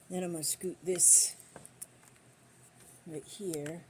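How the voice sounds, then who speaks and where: An older woman talks on her quilting vlog, rambling and folksy with loose country grammar. Her voice sits a bit low. The recording is made on a phone on a stand, with a faint hiss of background noise. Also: lively intonation, moderate pace, darkish tone. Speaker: quilting vlogger. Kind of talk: casual chat while sewing.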